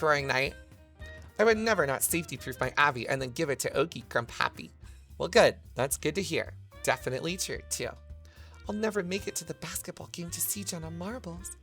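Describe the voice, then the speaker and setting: A man's voice: fairly high pitch, fairly bright tone. A man livestreaming casually, reading his chat messages aloud and answering them with crude, profane jokes. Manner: crude, profane, joking banter.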